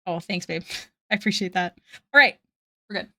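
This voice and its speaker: The recording is dry, and the voice is fairly low and sharp at a moderate pace. A woman in her thirties is drawing on a livestream, chatting and rambling casually, laughing frequently and quoting memes in put-on voices.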